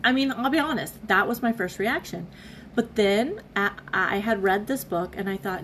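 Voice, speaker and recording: A woman giving a casual devotional reflection, speaking in an earnest, candid and halting way. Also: medium pitch, fairly bright tone, slight background noise, poor audio. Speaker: devotional vlogger.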